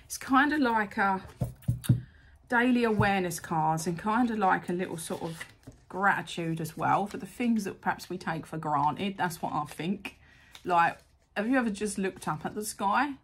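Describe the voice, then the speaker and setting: A woman's voice: medium pitch, normal speed, slight background noise. A woman chatting casually as she unboxes items at home, gushing over how cute everything is. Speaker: unboxing vlogger.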